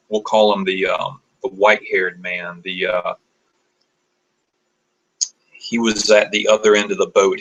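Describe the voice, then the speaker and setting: A man improvising a story aloud, describing scenes as he goes, often pausing and restarting mid-sentence. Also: on the low side, bright, forceful tone, rough recording. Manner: halting, searching for words, many restarts.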